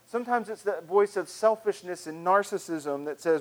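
A man's voice: high-pitched, moderate pace, darkish tone, rough recording. A male pastor preaching a sermon in a reflective manner, with frequent restarts and repeated phrases.

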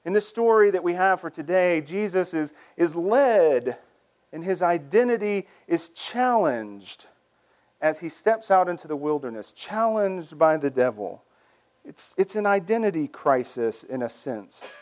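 Male pastor, sermon, conversational, animated, slightly high voice, restarts phrases. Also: a little slow. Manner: conversational, animated, repeats words when starting phrases.

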